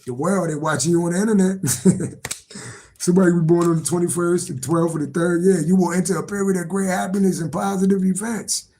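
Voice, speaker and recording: A man's voice: high-pitched, steady tone, brisk, dark tone, rough recording. A man doing a casual live-stream tarot reading, rambling and repetitive, swearing freely and laughing to himself. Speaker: tarot reader.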